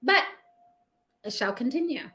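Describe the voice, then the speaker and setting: A woman giving casual, profane opinion commentary, with sassy, animated asides to her viewers. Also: high-pitched, unhurried. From United States. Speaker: commentary vlogger.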